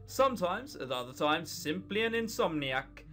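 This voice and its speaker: A woman voicing a dry, formal male scientist in a visual novel, speaking in a measured, formal way, with lively pitch. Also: soft background music.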